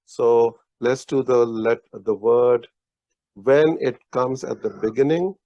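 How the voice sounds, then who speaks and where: In a warm, medium-pitched voice with fairly even intonation, a man teaches Urdu one-on-one in a casual setting. He is slow and patient, restarting often and praising the learner, on dull, lo-fi, dry audio.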